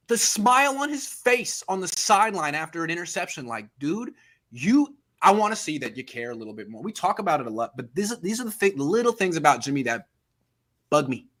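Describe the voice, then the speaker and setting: A man's voice: high-pitched, a bit bright. A man hosting a sports podcast, venting heatedly about a quarterback's performance. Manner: heated, ranting, mimics the quarterback in quotes. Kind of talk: animated sports talk.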